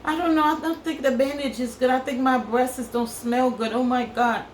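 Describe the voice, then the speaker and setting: A woman's voice: high-pitched, fairly even intonation, moderate pace, echoey room, slight background noise, pitched above the performer's own voice, lightly acted. A woman voicing a dramatic young female patient who complains fretfully.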